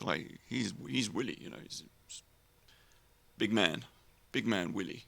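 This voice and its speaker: Gravelly-voiced man rambling on stream. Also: on the low side, fairly even intonation, unhurried, fairly bright tone, faint music behind. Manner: rambling, chuckling, talks to chat. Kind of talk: casual live stream chat.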